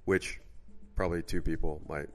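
A man's voice: very deep voice, flat delivery, normal speed, soft background music. A man co-hosting a podcast, chatting in a dry, joking way. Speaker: podcast co-host. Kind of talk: casual podcast chat.

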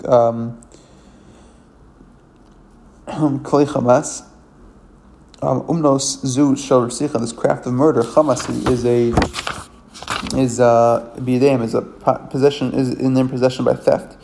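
A man's voice: mid-range voice, level tone, slow, creaky, pauses often, warm tone. A man teaching a religious text, reading each verse aloud and then translating it phrase by phrase, with frequent fillers and self-corrections. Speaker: Torah teacher.

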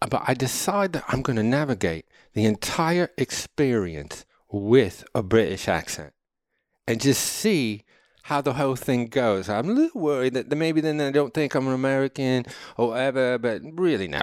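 A man's voice: lowish voice, no echo, studio quality. A man hosting a show, telling a story in a rambling, loose, profane way. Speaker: host. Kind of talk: casual storytelling monologue.

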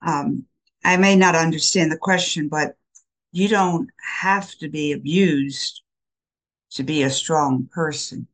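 An older woman, a counselor, talking in a casual interview in a slow, emphatic, reflective way. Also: deep voice. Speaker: guest counselor.

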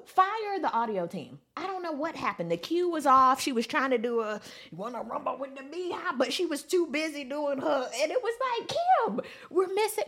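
A woman talks in a casual, sassy commentary voice. Her voice sits fairly high and swoops wildly, jumping into squealing high quotes. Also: vocal fry, fairly bright tone.

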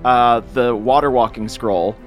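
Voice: medium pitch, steady tone, a little slow, faint music behind. A playful, jokey player describing their moves in a tabletop game.

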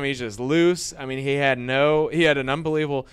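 A man, a former baseball pitcher, telling rambling anecdotes in a casual interview, growing lively as he retells old stories. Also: fairly quick, slight background noise.

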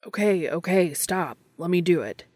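A woman voicing a brash, impatient young man in a read-aloud story, speaking bluntly and a little louder than her narration. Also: fairly low pitch, expressive, normal speed, dry recording.

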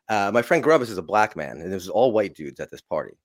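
Deep-voiced man telling rambling stories. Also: sing-song, moderate pace, dry recording, studio quality. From New Jersey. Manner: rambling, profane, self-interrupting. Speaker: guest. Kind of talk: casual storytelling.

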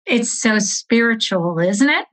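A woman's voice: fairly high pitch, expressive, a little slow, fairly bright tone. A woman hosting a faith podcast interview, affirming her guest in an encouraging way. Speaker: podcast host. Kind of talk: interview conversation.

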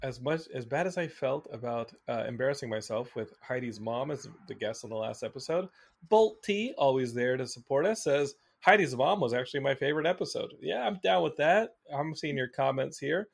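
A man hosting a podcast, chatting casually and telling a rambling, animated story. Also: mid-range voice, brisk, vocal fry, husky. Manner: rambling, animated storytelling, reads out viewer comments. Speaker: podcast host. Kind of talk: casual chat.

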